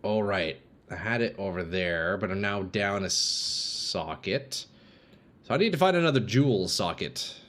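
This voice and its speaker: This man's low, fairly bright voice is animated yet unhurried as he streams a game live from home on a desk mic. He offers casual play-by-play, reads viewers' messages out loud, and gets suddenly hyped.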